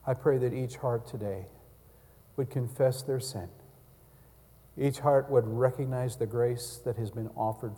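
A male pastor preaching a sermon and communion prayer, swinging from loud cries down to hushed near-whispers. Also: medium pitch, steady tone, measured pace, long pauses, long reverb tail.

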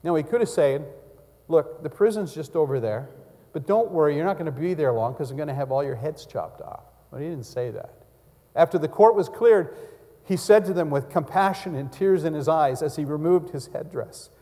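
A male pastor preaching a sermon and communion prayer, swinging from loud cries down to hushed near-whispers. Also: on the high side, fairly quick, big-room sound.

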